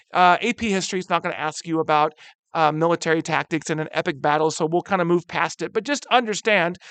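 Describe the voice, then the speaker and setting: A man teaching a recorded history lesson over slides, casual and animated, calling his students "guys" and stumbling now and then to correct himself. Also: high-pitched, dry recording.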